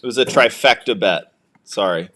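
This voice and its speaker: A man's voice: lowish voice, normal speed, a crowd in the background. Joking young man hosting a livestream. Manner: jokey, reads viewer comments aloud. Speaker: livestream co-host, new father. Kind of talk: casual livestream chat.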